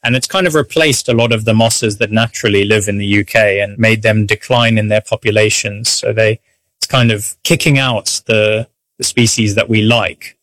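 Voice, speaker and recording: A man, a scientist explaining his research in a relaxed, informal way with hedging fillers. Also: lowish voice, normal speed, no room sound. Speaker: scientist guest. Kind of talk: informal explanation in an interview clip.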